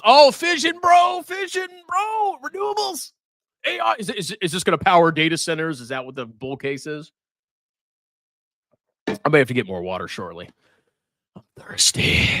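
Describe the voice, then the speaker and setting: Male stock streamer, sarcastic and insulting, voice swinging high and low, dry close sound. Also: sharp tone, no echo. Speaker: personal finance streamer. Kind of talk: live stream stock commentary.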